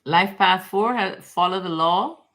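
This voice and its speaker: A woman's voice: on the low side, unhurried, a bit bright. A woman from Guyana giving casual live tarot readings, calling viewers baby and darling in an affectionate way. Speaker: tarot reader on a live stream.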